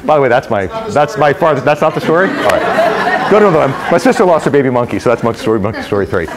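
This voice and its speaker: A middle-aged man talking casually to a live audience of brokers, an energetic, rambling storyteller with many fillers. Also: mid-range voice, fast, over a noisy crowd, very noisy. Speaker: real estate executive speaking to brokers. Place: company headquarters event space.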